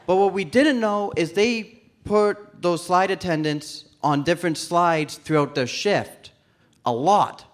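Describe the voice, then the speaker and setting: A man's voice: sits high, takes it slowly. A man doing stand-up comedy on stage, telling a story and acting out the other people's voices. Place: comedy club stage before a live audience.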